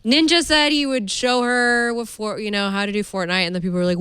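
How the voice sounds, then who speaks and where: A woman's voice: medium pitch, steady tone, brisk, fairly bright tone, smooth, no room sound. A woman on a tech panel, chatty and full of wry asides. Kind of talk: casual panel chat.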